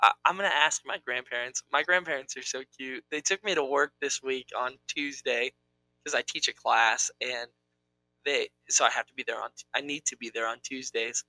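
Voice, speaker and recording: Bright-voiced teasing man. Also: mid-range voice, moderate pace, dry recording, poor audio. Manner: teasing, playful. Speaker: podcast co-host. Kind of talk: casual chat.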